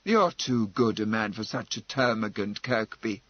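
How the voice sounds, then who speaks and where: A man's voice: fairly low pitch, expressive, unhurried, no room sound, dull audio, pitched below the performer's own voice. A man reading a proud, derisive marquess who speaks in an abrupt, commanding and mocking way.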